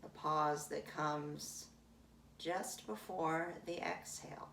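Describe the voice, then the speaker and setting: Low, gravelly-voiced woman guiding meditation. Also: a little hiss or hum. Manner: slow, calm, drawn-out phrases with long pauses. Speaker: meditation teacher. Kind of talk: guided breathing meditation. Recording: roomy echo from a distant mic.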